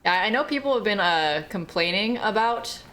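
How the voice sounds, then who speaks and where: Woman streamer, mid-pitched, jokey and loose-mouthed, casual game commentary. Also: expressive, moderate pace, a bit bright. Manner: chatty, jokey, swears freely.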